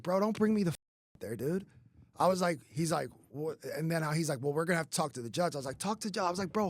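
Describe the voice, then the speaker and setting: A fairly high-pitched male voice, recorded without echo, belongs to a man in his thirties casually narrating his life on a podcast. He rambles, swears, and leans heavily on fillers as he tells his story.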